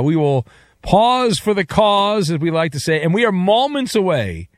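A man's voice: mid-range voice, no room sound, studio quality. A man hosting a radio talk show, chatting casually and joking with a caller. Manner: jokey, teasing, animated.

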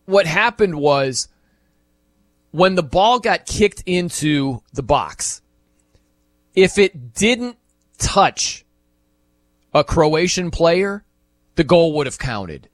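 Animated man on sports radio. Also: fairly high pitch, slow, pauses often, no echo. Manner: animated, acts out quoted reactions in bursts. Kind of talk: casual sports talk. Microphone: studio microphone.

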